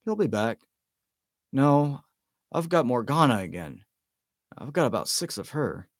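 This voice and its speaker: A man's voice: mid-range voice, big pitch swings, measured pace, no room sound, clean studio sound. A man voicing a chatty young wizard boy who talks casually and grumbles.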